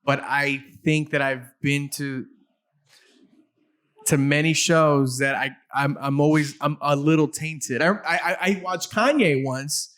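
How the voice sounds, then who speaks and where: A man hosting a casual chat, talking in halting bursts with many restarts and fillers. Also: a little high, a bit bright. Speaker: podcast host.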